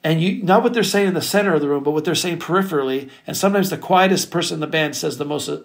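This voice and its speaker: A middle-aged record producer telling stories in an interview, animated and casual, swearing freely. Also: male voice, fairly high pitch, rapid-fire, gravelly. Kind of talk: storytelling interview chat.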